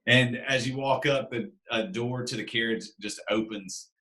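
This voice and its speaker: A man's voice: mid-range voice, normal speed, pushed and bright. A man narrating a tabletop game as game master, casual and loose with fillers. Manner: casual, filler-heavy storytelling.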